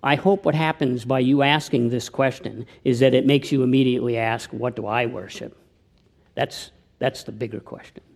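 A man preaching a sermon, who tells anecdotes and often drops to a hushed tone for his appeals. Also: medium pitch, steady tone, normal speed, gravelly, hardly any pauses. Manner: tells anecdotes, with slips and restarts. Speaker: pastor.

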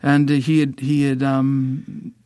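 A man's voice: mid-range voice, monotone, takes it slowly, dark tone, clean tone, no echo, studio quality. A middle-aged Scottish man telling an emotional personal testimony, stammering and repeating words as he tells it vividly. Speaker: ministry founder, guest.

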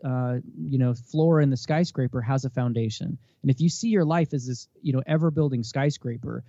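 A man's voice: medium pitch, dry recording, highs cut off. A man in his thirties, a guest in a casual interview, talking earnestly and acting out the dialogue he recounts. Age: 30s. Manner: earnest, animated, acts out quoted dialogue. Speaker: podcast guest.

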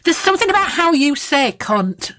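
Giggly, chatty woman with a high voice. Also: sing-song, moderate pace, a bit bright. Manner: chatty, giggly, frank storytelling. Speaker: podcast co-host. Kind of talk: casual chat.

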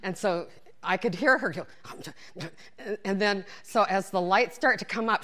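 A woman's voice: medium pitch, a little slow. A woman telling a funny personal story, acting out what everyone said, dropping to whispers and breaking into laughter. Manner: animated, acts out quotes, whispers asides, laughs while telling.

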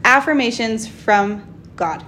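Earnest, enthusiastic young mom co-host. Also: female voice, fairly high pitch, slow pace, a little hiss or hum. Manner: earnest, enthusiastic, animated in quoted speech. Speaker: podcast co-host. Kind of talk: casual chat.

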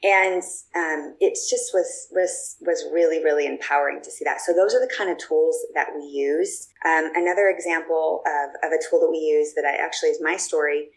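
A woman's voice: sits low, fairly even intonation, normal speed, hardly any pauses, rough recording. A woman guest telling personal stories in a casual, chatty way, with plenty of fillers and restarts. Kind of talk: casual storytelling.

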